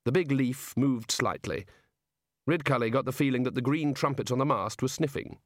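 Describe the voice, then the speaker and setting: A man reading a story aloud with expressive, measured narration. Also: medium pitch, no room sound, studio quality. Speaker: audiobook reader. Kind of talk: scripted narration.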